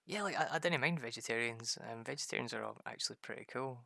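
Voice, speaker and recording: Scottish man, gaming host, loose and rambling, bright crackly voice. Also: mid-range voice, fast talker, gravelly, no room sound. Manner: rambling, laughs often, mimics voices in quoted lines. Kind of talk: casual commentary while playing a farming game.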